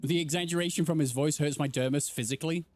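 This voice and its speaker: A man streaming a game playthrough, talking casually in a joking, excitable way. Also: a little high, fast talker, soft background music. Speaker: gaming streamer. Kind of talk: casual let's play commentary.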